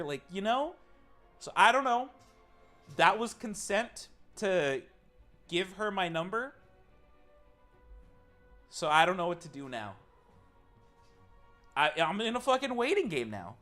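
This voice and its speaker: A man chatting to his stream audience and telling a story in a lively, slightly high voice. He swears casually and slips into quick impressions of the people in the tale. Soft music plays quietly behind him. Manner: animated, swears casually, mimics people in quotes.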